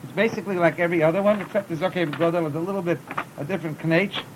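A man, teaching a class on chanting scripture. He stumbles and repeats words as he explains, and breaks into short chanted examples. A faint rumble hums under the recording. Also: racing. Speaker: teacher of Torah cantillation. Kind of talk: classroom lesson.

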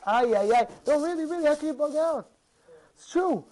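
Male speaker, informal sermon, animated and questioning, stumbles and repeats as he goes. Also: very high-pitched, moderate pace. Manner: animated, full of rhetorical questions; repeats and restarts words. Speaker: religious speaker. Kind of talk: informal religious talk.

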